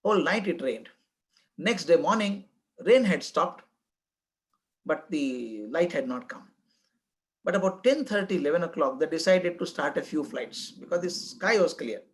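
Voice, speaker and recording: A man's voice: on the high side, lively intonation, moderate pace, low-quality recording. A man with an Indian accent giving a motivational talk, telling a story and drawing a moral from it. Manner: storytelling, moralizing, mixing in Kannada. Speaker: guest speaker.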